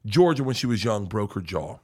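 A middle-aged man telling a long story as a podcast guest, cursing freely and swinging from hushed to loud. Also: lowish voice, big pitch swings, brisk, slightly rough. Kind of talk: casual storytelling.

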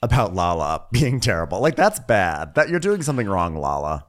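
A man's voice: low voice, sing-song, moderate pace. A man co-hosting a comedy podcast, chatting wryly about a reality show and using "like" a lot. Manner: chatty, wry, uses "like" a lot. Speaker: podcast co-host. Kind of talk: casual comedic recap chat.

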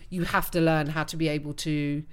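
A woman from England, a comedian guest, chatting casually on a podcast with quick asides and frequent laughter. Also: low voice, steady tone, clear, resonant tone.

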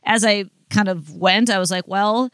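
A woman's voice: medium pitch, normal speed, a bit bright, clean tone, no room sound. A woman co-hosting a podcast, chatting casually and rambling with lots of fillers and restarts. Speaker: podcast co-host. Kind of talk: casual gossip chat.

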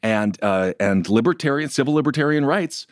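A man's voice: medium pitch, moderate pace, no echo, studio quality. A man co-hosting a political news show, giving casual, sardonic commentary with frequent jokes. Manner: sardonic, animated, laughs often.

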